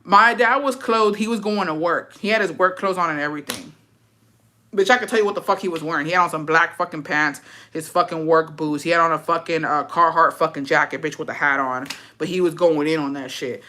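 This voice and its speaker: Her deep, bright, forceful voice moves briskly with fairly even intonation as she tells a personal story on a livestream. Reading chat, she's casual, blunt and profane, using "bitch" as a frequent tag.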